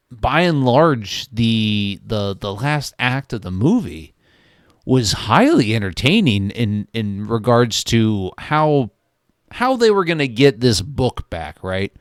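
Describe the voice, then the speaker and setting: A man's voice: mid-range voice, no room sound, studio quality. Profane, rambling man reviewing a movie. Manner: rambling, profane, animated storytelling with many restarts. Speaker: podcast co-host. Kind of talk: casual movie review chat.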